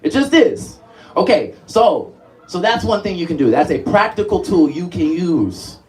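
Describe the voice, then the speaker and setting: A man's voice: on the high side, big pitch swings, normal speed. A man leading a live music workshop, coaxing the group along and laughing often. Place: workshop room with live audience.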